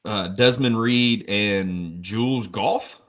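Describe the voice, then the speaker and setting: A man's voice: fairly low pitch, takes it slowly, a bit bright. A man co-hosting a casual college football show, joking and rambling while hungover. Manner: joking, rambling, self-mocking. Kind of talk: casual sports chat.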